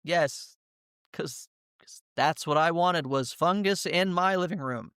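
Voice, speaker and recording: Animated game master, dry close mic. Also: male voice, a little high, smooth, no room sound. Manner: animated, laughing, breaks into quick character voices. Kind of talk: narrating a tabletop game.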